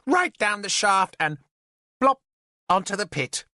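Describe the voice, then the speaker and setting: An odd, plump woman with a giggly, singsong lilt, as a male narrator puts her on. Her voice is raised high and bright, swinging up and down as she chatters, recorded dry and close. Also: very animated, measured pace, no room sound, exaggerated voice. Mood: whimsical. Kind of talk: audiobook character voice.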